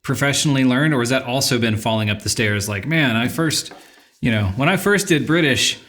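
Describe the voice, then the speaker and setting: A man hosting a casual interview, asking eager questions and filling pauses with "like" and "you know". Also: mid-range voice, fairly bright tone. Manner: eager questions, frequent likes and fillers. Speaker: podcast host.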